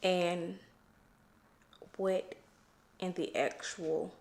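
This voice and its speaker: A young woman chatting casually in a reading vlog, expressive and exasperated, often stopping and restarting her sentences. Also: lowish voice, drawn-out words. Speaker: book vlogger.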